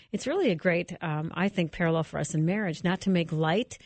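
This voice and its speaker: A woman hosting a radio talk interview, affirming her guest and moving briskly on to the next point. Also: fairly low pitch, no echo. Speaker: radio show host.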